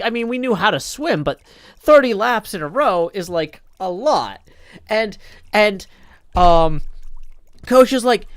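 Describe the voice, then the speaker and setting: A man's voice: a little high, dry recording, studio quality. Rambling man chatting on a live stream. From Tennessee, United States. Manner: rambling storyteller, many "like"s and restarts. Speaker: live streamer playing a block-building game. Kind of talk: casual live-stream chat.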